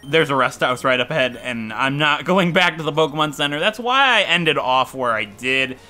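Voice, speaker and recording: A young man from Ohio, USA, plays a video game and offers casual, jokey commentary to his viewers as a let's play gamer. His voice is fairly high and sharp, with lively intonation at a moderate pace, and faint game music plays behind him.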